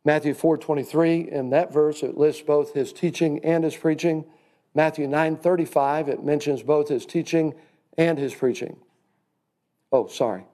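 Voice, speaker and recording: A man's voice: fairly high pitch, fairly even intonation, normal speed, mellow. Emphatic folksy man preaching. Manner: folksy, emphatic, addresses listeners as friend. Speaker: preacher teaching a class. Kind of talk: sermon-style teaching.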